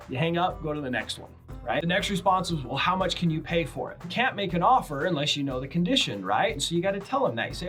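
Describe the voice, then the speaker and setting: A man with a fairly high voice coaching his viewers through cold calling, brisk and direct. He acts out both sides of sample phone calls as he goes. A faint music bed plays under him. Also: expressive, a bit bright. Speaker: real estate investor teaching cold calling. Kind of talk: instructional talk to camera.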